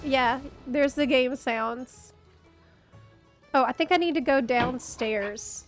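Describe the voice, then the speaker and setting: A woman chats casually with her teammates during a game stream. Her voice sits high and she speaks at a relaxed, slow pace. She is playful and giggles often. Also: soft background music. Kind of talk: casual chat while gaming.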